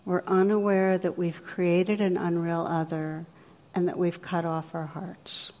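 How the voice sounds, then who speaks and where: Brief: woman from New Jersey, meditation teacher, low and gentle dharma talk, long hall reverb. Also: level tone, a little hiss or hum. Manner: gentle, unhurried storytelling with soft pauses.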